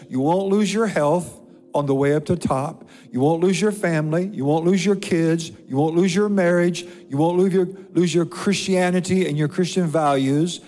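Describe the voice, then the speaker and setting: A man's voice: fairly high pitch, darkish tone. Preaching man in a reverberant church. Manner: preaching with repeated lists and scripture readings. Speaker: pastor. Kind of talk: sermon. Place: church sanctuary.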